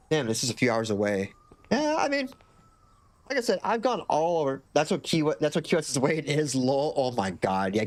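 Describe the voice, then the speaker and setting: A young man from Florida chats casually on a live stream into a desk microphone, rambling, joking, and swearing now and then. His voice is mid-range, with slight background noise.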